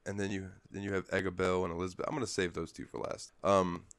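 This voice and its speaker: A man with a very low voice chats on a podcast and tells stories with lively energy. The sound is dry and close, with no room around it. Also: fast, dry recording. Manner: animated storytelling, puts on character voices. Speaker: podcast host. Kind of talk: casual chat.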